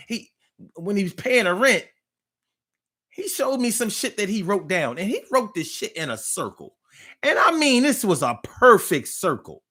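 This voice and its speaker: A man's voice: fairly high pitch, bright, forceful tone. A man hosting a live online talk show, telling a story casually and profanely, repeating phrases.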